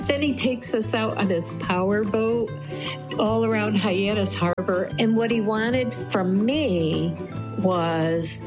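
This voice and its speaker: A woman's voice: medium pitch, takes it slowly, music in the background, rough recording. A middle-aged woman telling a personal story to an interviewer, acting out what others said. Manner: animated, acts out quoted voices.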